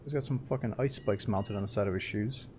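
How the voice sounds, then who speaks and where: Male streamer, low-ish voice, profane excitable play-by-play and joking banter. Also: fast, a little hiss or hum. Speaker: game streamer. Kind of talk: live gameplay commentary.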